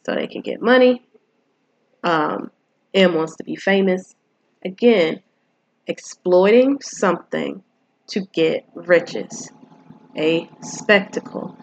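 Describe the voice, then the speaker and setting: A woman's voice: lowish voice, sing-song, slow, pauses often, low-quality recording. A woman casually retelling and reviewing a film, rambling with lots of fillers.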